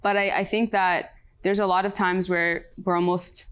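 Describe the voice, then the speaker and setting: Thoughtful woman guest, smooth clear voice. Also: fairly low pitch, little pitch movement, normal speed, fairly bright tone. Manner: thoughtful, affirming, scripture-quoting. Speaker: podcast guest. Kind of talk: reflective podcast conversation.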